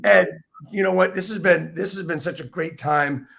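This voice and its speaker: A podcast host chats casually with a guest on his interview show, rambling enthusiastically and restarting often. His voice is high-pitched and creaky with a fairly bright tone, at a normal pace.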